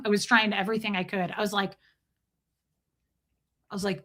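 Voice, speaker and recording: A woman from the United States livestreaming, telling a story in a casual, profane, animated way with quick asides to chat. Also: mid-range voice. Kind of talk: casual storytelling while reading live chat.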